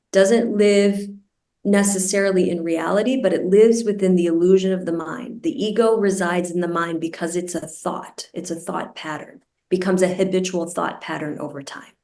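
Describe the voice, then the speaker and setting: A woman meditation teacher guiding a group through a breathing practice, speaking slowly and deliberately, over a video call. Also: on the low side, darkish tone. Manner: slow, deliberate, soothing instruction. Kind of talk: guided meditation instruction. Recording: roomy and distant from the mic.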